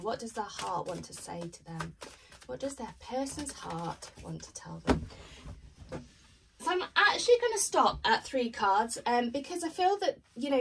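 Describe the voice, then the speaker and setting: A woman giving a pick-a-card tarot reading, chatting in a gently reassuring way. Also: a little high, far from the mic, a little hiss or hum, low-quality recording. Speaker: tarot reader.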